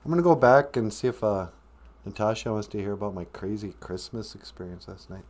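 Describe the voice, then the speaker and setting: Animated man telling a rambling comic tale. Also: mid-range voice, fairly quick. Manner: rambling deadpan tall tale with hesitations. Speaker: podcast host. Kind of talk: comedic storytelling on a livestream.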